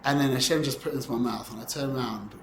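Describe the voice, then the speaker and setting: A man's voice: medium pitch, rapid-fire, creaky, echoey room, slight background noise. A man in his forties giving an informal Torah class, talking in a rambling, conversational way and often checking in with "yeah?". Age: 40s. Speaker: Torah teacher.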